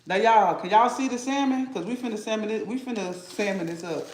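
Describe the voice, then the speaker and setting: A man's voice: high voice, fairly quick, a little hiss or hum. A man hosting a casual cooking livestream, talking playfully and teasing his chat while he cooks. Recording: echoey room.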